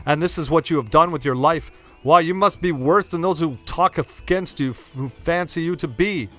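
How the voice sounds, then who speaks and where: A man's voice: moderate pace, sharp tone, faint music behind. A man reading aloud, voicing an anguished older male painter who pleads and exclaims in a raised voice. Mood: appalled. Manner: high, urgent, exclaiming.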